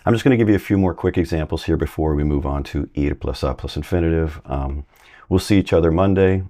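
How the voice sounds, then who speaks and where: Man, deep voice, mellow tone, casual spanish teacher, chatty explanations. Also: fast. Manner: relaxed, conversational explaining with examples. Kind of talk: casual language lesson.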